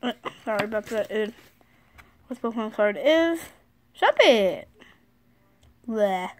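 A school-age girl vlogging casually from her bed, excitable, reading card names aloud and often apologizing. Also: on the high side, slow pace. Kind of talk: casual card-opening vlog. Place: sitting on her bed at home.

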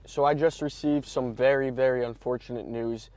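A man's voice: mid-range voice, steady tone, moderate pace, darkish tone. A man from Florida filming outdoors after a storm, talking straight to his viewers in an amazed, exclaiming way. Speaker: vlogger. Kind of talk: on-location vlog commentary. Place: outdoors at home and around town after a storm.

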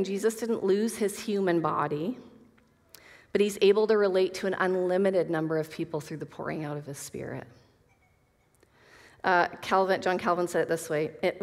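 An earnest Bible study teacher speaks to a group of women in a slightly low voice, alternating scripture readings with offhand asides. Her words are followed by a long, trailing hall reverb.

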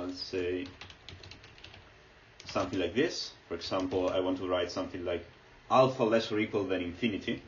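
A man's voice: low voice, slight background noise. A man giving a screen-recorded lecture, explaining step by step with many fillers as he types. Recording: echoey, distant, dull lo-fi.

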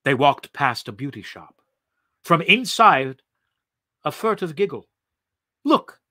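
A man reads a story aloud, slow and expressive, his pitch moving a lot. His tone is bright and a little high, and the sound is dry and close. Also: dry recording. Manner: slow, expressive, vivid narration. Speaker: actor reading aloud. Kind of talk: dramatic story reading.

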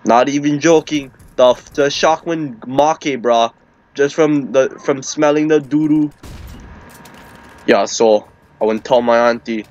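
A man's voice: medium pitch, takes it slowly, darkish tone, highs cut off. A man with a Hawaiian Pidgin accent telling a rambling comic tall tale, acting out the people in it. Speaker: storyteller. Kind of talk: comic storytelling.

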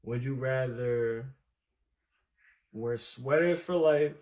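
A man's voice: mid-range voice, takes it slowly, darkish tone, low-quality recording. A young man as a guest on a casual livestream chat, laid-back and rambling, with loose slangy phrasing.

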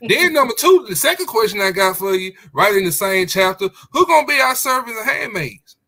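Bright-voiced preachy man. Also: high voice, lively intonation. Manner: preachy, emphatic, drawn-out stresses. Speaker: podcast co-host. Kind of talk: casual religious discussion.

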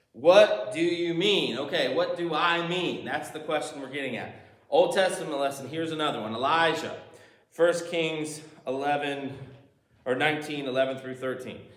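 A man preaching a sermon, animated, shifting between loud emphasis and quiet asides. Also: on the high side, normal speed, reverberant. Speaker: pastor.

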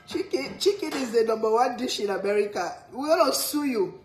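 Playful woman livestream cook, reads comments and jokes, slightly high pitch; roomy echo, noisy room. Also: lively intonation, fairly quick, faint music behind. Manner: playful, laughs a lot, reads comments aloud. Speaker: cooking livestream host. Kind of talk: casual live-stream chat.

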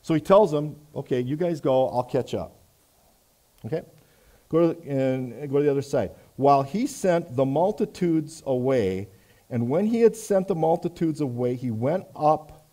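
A man preaching a sermon, reading scripture aloud and adding conversational asides in a church. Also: medium pitch. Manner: conversational, many "you know" asides, swings between loud reading and quiet reflection. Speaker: pastor.

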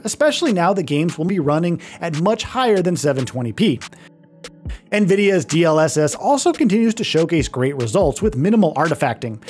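A man narrating a scripted tech video in a lively read that often drops in pitch at the ends of clauses. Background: faint background music.

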